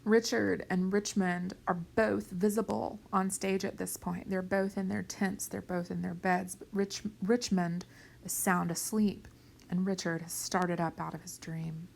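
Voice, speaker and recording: Slow, gravelly woman teaching a play. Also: lowish voice, flat delivery, a little mellow. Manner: explains plainly, often adds "right?" and "okay?", whispers some quoted lines. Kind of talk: lecture on a play.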